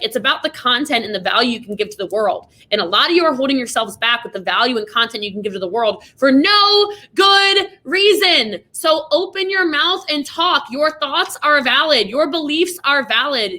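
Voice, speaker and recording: Bright, emphatic woman podcast host. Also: high-pitched. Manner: emphatic, rapid, acts out quoted voices. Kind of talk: motivational business chat.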